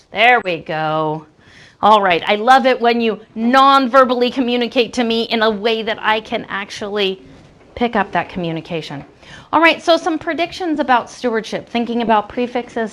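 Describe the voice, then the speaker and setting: A woman teaching a classroom lesson, talking slowly and patiently with encouraging praise. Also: a little high, a bit bright. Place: school classroom.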